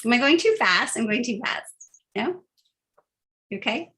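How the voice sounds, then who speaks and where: A woman's voice: fairly high pitch, sing-song, moderate pace, bright, forceful tone. A woman giving a casual, upbeat phone-skills training talk, chatty and full of fillers.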